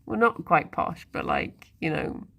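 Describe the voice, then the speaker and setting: Woman, livestreamer, casual chat, thinking aloud, slow-paced, gravelly. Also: sits low, huge pitch swings, fairly bright tone. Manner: musing aloud, chatting to viewers and pets. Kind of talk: casual live-stream chat.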